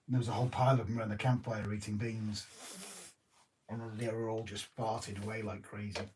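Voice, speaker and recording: A man's voice: fairly low pitch, level tone, a little fast. A man co-hosting a livestream in casual, cheeky chat while he works on a model. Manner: joking, cheeky banter. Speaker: co-host of a model railway livestream. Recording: distant mic with faint noise.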